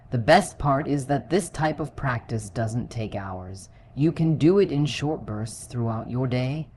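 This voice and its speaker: A woman giving a scripted language lesson in a steady, encouraging, instructive way. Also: extremely low pitch, slight background noise. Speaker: English teacher. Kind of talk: scripted teaching narration.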